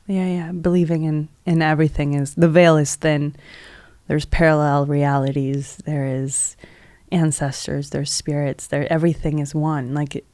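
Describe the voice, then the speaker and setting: A woman's voice: low-pitched, little pitch movement, normal speed, mellow, dry recording. A woman guest on a podcast, an energy healer, telling a personal story in a casual, earnest way and leaning heavily on "like" as a filler. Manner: heavy use of "like" as filler; earnest, emotional retelling.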